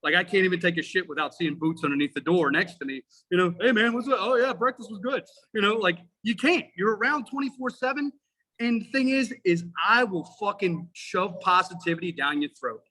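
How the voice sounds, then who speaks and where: A man's voice: high-pitched, a little fast, bright, forceful tone, rough recording. A man in his forties, a firefighter guest on a podcast, talking casually in an emphatic, profane, fired-up way.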